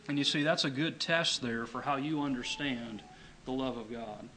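A man preaching a sermon, emphatic, repeating key phrases and slowing down to read scripture. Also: mid-range voice, sharp tone, low-quality recording.

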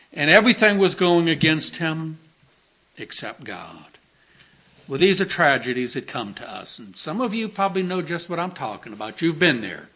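A man preaching a gentle, earnest sermon, telling stories with soft dips and tender emphasis. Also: medium pitch. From Texas.

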